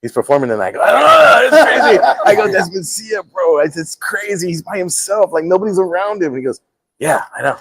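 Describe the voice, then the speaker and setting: Middle-aged guy hosting, casual storytelling, really animated. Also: fairly high pitch, fast, rough recording. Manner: animated, acts out quotes with laughs. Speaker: host.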